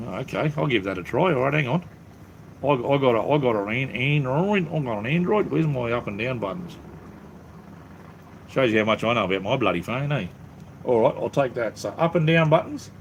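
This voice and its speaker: A middle-aged Australian man rambles through a casual phone live stream with an ordinary mid-range voice. He is easygoing and quick to mock himself, and a faint hiss of noise sits under his talk. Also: medium pitch, big pitch swings. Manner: rambling, self-mocking, easygoing.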